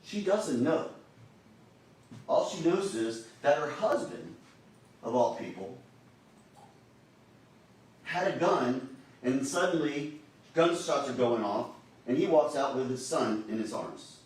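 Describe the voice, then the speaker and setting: A man's voice: medium pitch, expressive, takes it slowly, long pauses, darkish tone. A man giving a prosecutor's closing argument to a jury, pressing and repeating his points. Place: courtroom. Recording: echoey courtroom, voice from far off.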